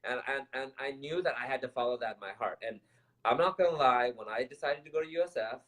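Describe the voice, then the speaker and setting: A man co-hosting a casual talk show, telling a personal story in an animated, rambling way with fillers and bursts of laughter. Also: medium pitch, quick pace, poor audio. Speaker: co-host. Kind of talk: casual chat.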